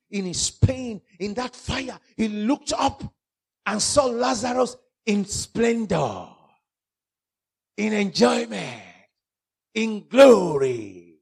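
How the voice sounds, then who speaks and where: A Nigerian man preaching a fiery sermon with a high-pitched voice. A gravelly rasp runs under his words. He mixes in pidgin and swings between loud outbursts and hushed warnings.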